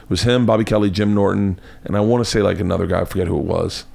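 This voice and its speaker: Man, podcast host from Florida, loose animated storyteller, lowish voice. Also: rapid-fire, gravelly. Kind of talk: casual chat. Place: home studio.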